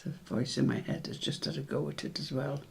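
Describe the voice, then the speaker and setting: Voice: mid-range voice, little pitch movement, fairly quick, creaky, a little mellow, husky. A quiz host who chats casually from home and laughs often between the scores and questions. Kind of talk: casual online quiz hosting.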